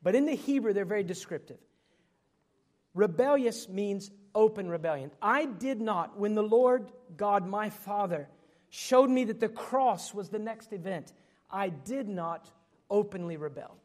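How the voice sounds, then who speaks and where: High-voiced man preaching a sermon. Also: expressive, unhurried, a little mellow. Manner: earnest preaching with dramatic quoted voices and sudden whispers. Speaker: pastor.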